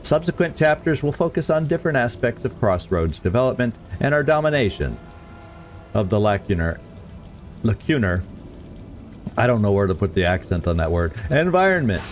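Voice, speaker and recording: A man's voice: mid-range voice, very animated, moderate pace, faint music behind. A man streaming a game, chatting casually and stumbling over tricky words as he reads lore. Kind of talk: let's play commentary.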